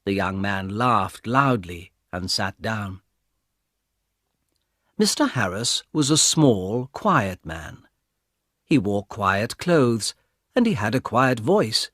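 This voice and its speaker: A man reading a story aloud in a clear, deliberate way for English learners. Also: medium pitch, fairly bright tone, no room sound, clean studio sound. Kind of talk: slow scripted story narration for English learners.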